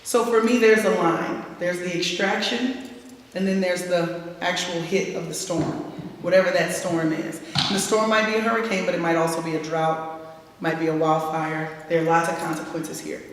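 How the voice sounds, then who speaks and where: A woman's voice: lowish voice, steady tone, moderate pace. A woman from gives a conversational keynote speech, folksy and direct, teasing the audience now and then. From South Louisiana, USA. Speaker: keynote speaker. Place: large hall. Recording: echoey hall, voice from far off, faint noise.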